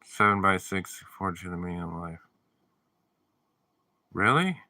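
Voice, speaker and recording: A man's voice: low-pitched, flat delivery, a little fast, pushed and bright, dry recording. A man chatting casually on a live stream, joking around and reading viewer messages aloud. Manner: playful, jokey, reads viewer messages aloud. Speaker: livestreamer reading chat.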